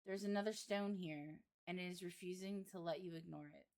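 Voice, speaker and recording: A woman with a lowish voice reads a horror game aloud, narrating the story at an even pace. She keeps breaking off for dry, sarcastic side comments. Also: brisk. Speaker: streamer.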